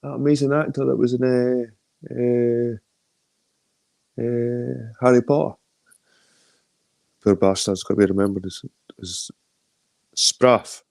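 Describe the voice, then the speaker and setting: A man's voice: mid-range voice, fairly even intonation, a little slow, vocal fry, pauses often, mellow, dry recording. A middle-aged man with an Edinburgh Scottish accent chatting casually and profanely on a phone live stream, greeting viewers by name. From Scotland. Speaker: livestream host.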